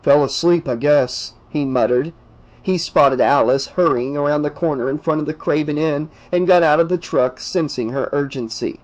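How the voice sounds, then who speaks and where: A man reading a horror audiobook aloud in a slow, expressive, dramatic manner. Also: fairly high pitch. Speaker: audiobook narrator.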